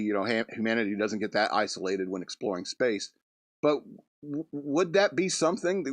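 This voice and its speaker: A man's voice: medium pitch, no echo, clean studio sound. A man hosting a comedy radio show, rambling through a loose monologue with restarts and chuckles.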